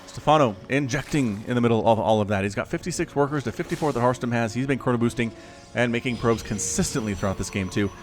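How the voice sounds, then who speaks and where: A man casting a strategy game solo, chatty and excitable, with sudden high-pitched exclamations. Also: fast. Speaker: esports caster. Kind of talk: solo play-by-play game commentary. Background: faint background music.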